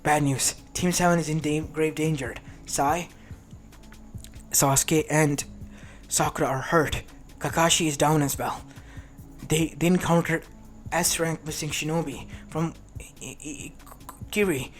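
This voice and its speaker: A man's voice: fairly high pitch, fairly even intonation, a little slow, soft background music, lightly acted. A man voicing a panicked male ninja messenger who reports in an urgent, stammering way.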